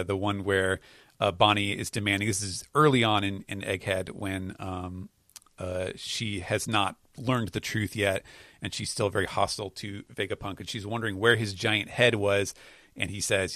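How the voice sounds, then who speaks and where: A man's voice: fairly low pitch, steady tone, moderate pace, fairly bright tone, no echo, studio quality. A man hosting a casual podcast chat, explaining things hesitantly with many fillers and restarts. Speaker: podcast host. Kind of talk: casual chat recapping comics.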